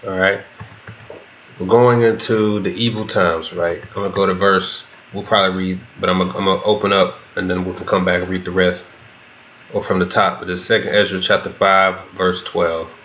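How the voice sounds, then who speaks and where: A man's voice: sits low, level tone, normal speed, a bit bright. A man leading a Bible class, reading scripture and commenting in a loose spoken way with restarts. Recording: dull lo-fi recording with faint background noise.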